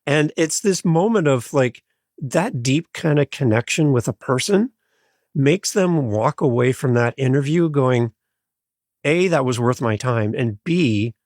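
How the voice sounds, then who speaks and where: Energetic man telling stories, dry sound. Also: on the high side, dry recording. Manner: energetic, storytelling. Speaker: podcast guest. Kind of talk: casual interview chat.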